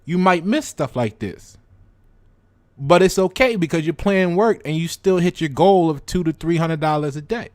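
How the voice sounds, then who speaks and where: Male host, casual explainer, slightly high pitch, dry close mic, loose conversational delivery. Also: normal speed, a little mellow, no echo. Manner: conversational, repeats words, addresses viewers directly. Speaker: stock trading channel host. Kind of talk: casual explanatory chat to viewers.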